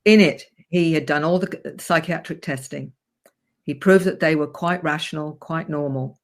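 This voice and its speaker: A woman's voice: low-pitched, normal speed. Earnest woman therapist telling a case story. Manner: earnest, vivid recounting. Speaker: guest therapist. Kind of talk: interview storytelling.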